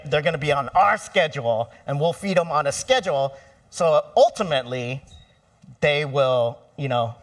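A man's voice: a little high, a bit bright, recorded from a distance. A middle-aged man preaching a sermon in a church, conversational and asking the congregation for responses. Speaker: pastor.

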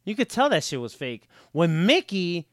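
A man's voice: high-pitched, very animated, moderate pace, dry recording, clean studio sound. A young man co-hosting a casual podcast, joking, laughing often and swearing freely. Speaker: podcast co-host. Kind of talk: casual wrestling podcast chat.

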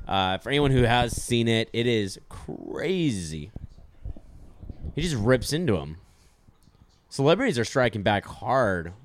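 A man's voice: mid-range voice, sing-song, unhurried, long pauses. A man hosting a podcast, chatting casually in a rambling, jokey way with lots of fillers. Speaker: podcast host.

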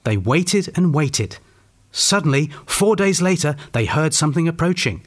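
Dry, teasing comic host. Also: male voice, on the high side, expressive, moderate pace. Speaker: comedy host and storyteller. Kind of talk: mock children's story reading.

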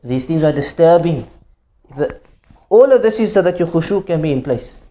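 His voice sits on the high side and is warm and expressive, moving at a moderate pace. He is teaching religion, explaining patiently, repeating each point and checking comprehension often, with Arabic words sprinkled into his speech.

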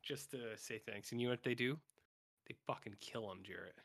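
Man, bright tense voice, sarcastic, casual podcast banter. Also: medium pitch, a little fast, creaky, no echo. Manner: wry, sarcastic, swears for emphasis. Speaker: podcast co-host. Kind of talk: casual chat recapping a film.

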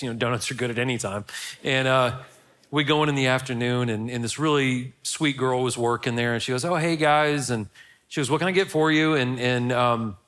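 A man's voice: medium pitch, a bit bright. A middle-aged man, a pastor opening his sermon with a chatty, self-deprecating story before moving into the teaching.

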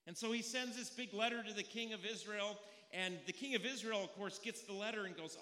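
A pastor with a bright, high male voice delivers a sermon in a church sanctuary, speaking a little fast. He tells stories conversationally and poses rhetorical questions. The echoey hall gives the recording a long reverb.

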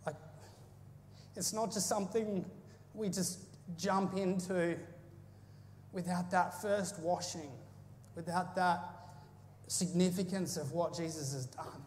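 A man giving a sermon, moving between scripture reading and a relaxed, conversational explanation full of ums and asides. His voice sits a little high for a man. The sound carries a long reverb, as if in a large hall. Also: takes it slowly, long pauses, slight background noise. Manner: casual and chatty, with fillers and asides. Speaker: preacher.

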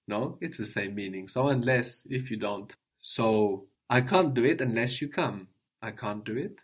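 A man teaching a language lesson, patiently prompting his student with questions and gently correcting answers. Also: fairly low pitch, normal speed.

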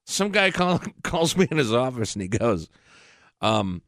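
A middle-aged man hosts his podcast in a blunt, fired-up rant, swearing freely. His voice sits at an ordinary male pitch. The sound is dry and close, with no room around it. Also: very animated, unhurried, fairly bright tone, no room sound. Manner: blunt, profane, fired-up ranting. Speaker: podcast host. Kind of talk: casual ranting monologue. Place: professional studio.

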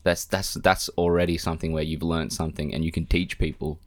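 A young man with a very deep voice rambles through a casual chat, hesitating as he goes. The recording is dry and close. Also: level tone, a little fast, no room sound.

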